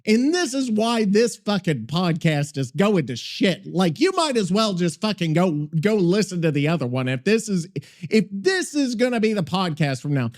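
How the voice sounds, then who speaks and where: A man's voice: high-pitched, very animated, normal speed, a little mellow. A man hosting a podcast in loose, profane, rambling chat, often exasperated and yelping. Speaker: podcast host. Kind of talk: casual chat.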